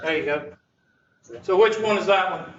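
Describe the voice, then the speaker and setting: A man's voice: high-pitched, moderate pace, slight background noise. A man with a Southern US accent teaching a math class, joking and teasing his students in a folksy way. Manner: teasing, folksy, heavy on "y'all". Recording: echoey classroom, distant, dull lo-fi.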